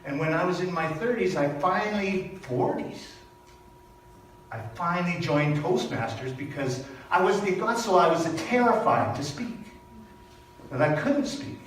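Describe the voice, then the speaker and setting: An older man from Canada giving a personal sermon at a church service, telling stories with animated, emphatic repetition. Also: high-pitched, measured pace. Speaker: speaker at a spiritual church service. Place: large echoey hall. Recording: very echoey hall from far off, faint noise.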